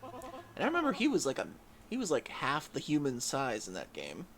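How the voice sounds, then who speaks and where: A man's voice: mid-range voice, wildly swooping pitch, normal speed. Chatty man streaming a game. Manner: chatty, rambling. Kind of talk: casual let's-play chat. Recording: game music behind.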